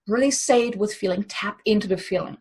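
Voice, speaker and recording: Husky-voiced woman giving emphatic coaching. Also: medium pitch, brisk, a little mellow. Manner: emphatic, earnest, encouraging. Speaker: business motivation coach. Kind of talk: motivational advice talk to camera.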